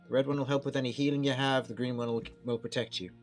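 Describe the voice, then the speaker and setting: A man's voice: medium pitch, steady tone, fast, soft background music, lightly acted. A man voicing a helpful townswoman handing out potions in a tabletop game. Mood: kindly.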